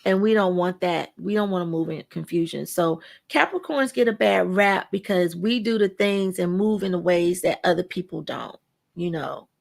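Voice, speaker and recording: A woman's voice: on the low side, normal speed, gravelly. A woman guest on a podcast, chatting casually and emphatically and acting out the people she quotes in her stories. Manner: animated storyteller who acts out quoted dialogue; emphatic, repeats words for stress.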